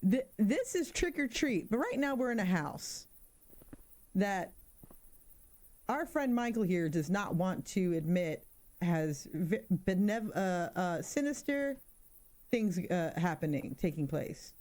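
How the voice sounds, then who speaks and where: A woman's voice: mid-range voice, slow. A woman in her thirties doing casual let's-play commentary, joking around and spooking easily. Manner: animated, jokey, easily spooked. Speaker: gaming streamer.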